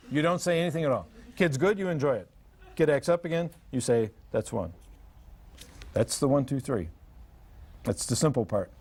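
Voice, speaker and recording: A man's voice: mid-range voice, darkish tone. An older man giving a live parenting seminar to an audience, telling humorous stories and acting out parents and children. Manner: humorous, storytelling, acts out parents and kids.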